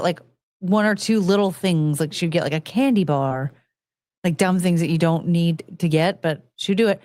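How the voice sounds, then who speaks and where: A woman in her forties hosts a podcast in loose, rambling chat. She laughs often and swears casually. Her voice is mid-pitched and recorded close and dry. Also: dry recording. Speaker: podcast host.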